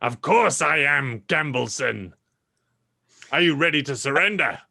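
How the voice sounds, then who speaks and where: A man voicing a raspy, vengeful old male villain who draws out his threats slowly. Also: a little high, lively intonation, pushed and bright, dry recording, studio quality, exaggerated voice. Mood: threatening.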